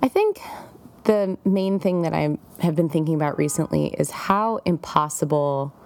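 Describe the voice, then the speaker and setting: A woman's voice: deep voice, expressive, normal speed, darkish tone. A young woman recording a personal diary, chatty and rambling, with many fillers and wry self-mocking asides. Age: young adult. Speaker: diarist.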